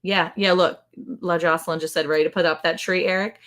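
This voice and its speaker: A woman's voice: on the low side, steady tone, fast, a bit bright. A middle-aged woman co-hosting a casual live stream. She chats in a bubbly way, laughs often and reads viewer comments aloud. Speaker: co-host of a ranch livestream.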